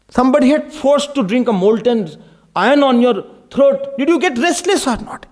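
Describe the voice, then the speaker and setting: A man giving an impassioned devotional discourse as a spiritual teacher, pleading and exhorting his listeners. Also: extremely high pitch. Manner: impassioned, mixing in Hindi verses and pleading cries.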